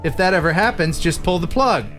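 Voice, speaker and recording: A man's voice: high voice, animated, a little fast, a bit bright, soft background music. An American man hosting a casual live stream, reading out viewer jokes and laughing often.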